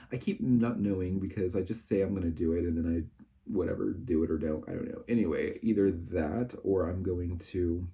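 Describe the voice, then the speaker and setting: A man's voice: low voice, gravelly, dark tone. A man in his thirties chatting casually and rambling, jittery from coffee. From Nebraska. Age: 30s. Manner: rambling and chatty, with lots of fillers. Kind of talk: casual vlog chat.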